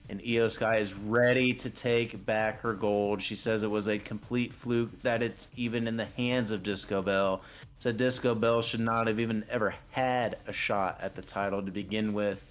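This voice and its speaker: A man narrating a wrestling video game in casual, crude, playful commentary. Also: on the low side.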